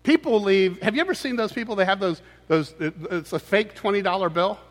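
A man preaching a humorous sermon in a conversational, teasing way with animated asides. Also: high voice, brisk, in a large hall.

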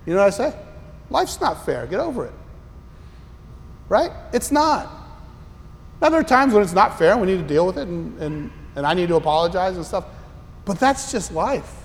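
A man preaching a sermon as a pastor, telling stories in an animated, incredulous way. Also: sits high. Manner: animated, incredulous storytelling with rising exclamations. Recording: long reverb of a large hall.

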